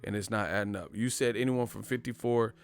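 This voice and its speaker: On a boxing channel's live stream, the host delivers an animated, profane, slang-heavy rant in casual commentary. His voice is smooth, on the low side, and a little fast.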